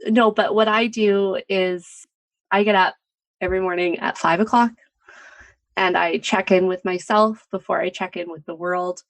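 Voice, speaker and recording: A woman talking candidly in a relaxed podcast conversation, laughing easily and lifting her voice when she quotes people. Her voice sits in a middle range and sounds dry and close, with no room around it. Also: medium pitch, moderate pace, dry recording. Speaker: podcast guest.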